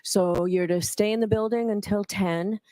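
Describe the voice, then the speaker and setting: A woman's voice: mid-range voice, steady tone, normal speed, warm tone, no echo, poor audio. A woman judge giving matter-of-fact instructions to counsel from the bench.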